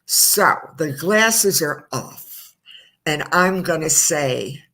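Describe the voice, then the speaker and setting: Middle-aged female talk host, husky and gravelly, chatty rambler. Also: deep voice, lively intonation, very slow, sharp tone. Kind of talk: casual chat. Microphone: streamed studio mic.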